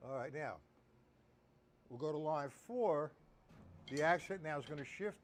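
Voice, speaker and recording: Over loud drumming, a drum teacher with a fairly high voice speaks a little slowly with long pauses, explaining accents and counting beats aloud in a live-streamed lesson. The recording is very noisy.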